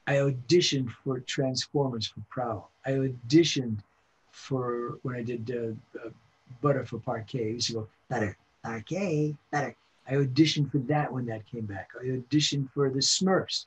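A husky older man in his seventies swapping show-business stories as an interview guest. He talks in an animated, rambling way, breaking into little character voices, with a grainy edge to his even, middle-pitched voice. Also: low-quality recording. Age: 70s. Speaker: voice actor guest. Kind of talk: casual storytelling interview.

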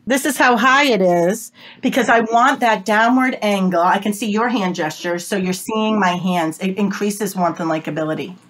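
Fast-talking woman expert. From Boston, USA. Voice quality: self-described whiny, squeaky voice. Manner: fast-talking, emphatic, demonstrates with high-pitched voices. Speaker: guest, body language expert. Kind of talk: animated advice in conversation. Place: home office on a video call. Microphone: video call setup.

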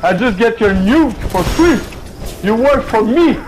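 A man's voice: extremely high pitch, expressive, unhurried, a little mellow, slight background noise, low-quality recording. A drunk man with a Quebec French accent, a native French speaker trash-talking another player in game voice chat, swearing and repeating himself. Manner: taunting, profane, repeats himself.

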